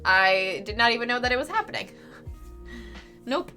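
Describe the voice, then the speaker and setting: Bright, giggly woman streamer. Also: fairly high pitch, big pitch swings, moderate pace. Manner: effusive, giggly, chatty with frequent laughs. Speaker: artist live-streaming her drawing. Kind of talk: casual live-stream chat with viewers. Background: faint background music.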